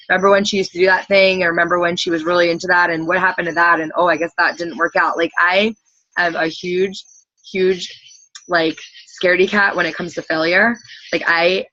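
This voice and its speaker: Thirtysomething woman rambling fast on a group call, bright voice, kinda muffled. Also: lowish voice. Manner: gushing, rambling, lots of "like". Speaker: team leader hosting a group call. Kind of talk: casual team call. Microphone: computer call audio.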